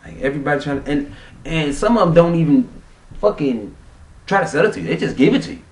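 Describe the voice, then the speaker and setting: A man's voice: on the high side, lively intonation, fast talker, a little mellow, recorded from a distance. A man vlogger telling a travel story in a casual, profane, rambling way. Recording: roomy sound, off-mic.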